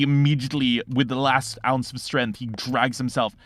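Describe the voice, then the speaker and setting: A man narrating a tabletop game as game master, telling the scene dramatically and often pausing to search for words. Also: medium pitch, fairly even intonation, a bit bright, no echo.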